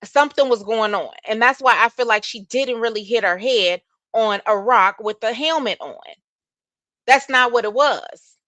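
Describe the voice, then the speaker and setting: Bright-voiced woman hosting livestream commentary. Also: fairly high pitch, normal speed, dry recording. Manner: reads text messages aloud and reacts with opinion; addresses viewers directly as y'all.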